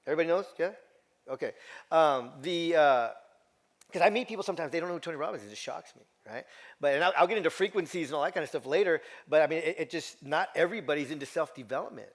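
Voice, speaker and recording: A middle-aged man speaking from a stage as a motivational speaker, his voice a little higher than most men's. He talks quickly and with energy, repeating words, restarting sentences and tossing questions out to the crowd. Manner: animated, repeats words and asks the audience questions. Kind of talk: storytelling talk to a live audience. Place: stage before an audience.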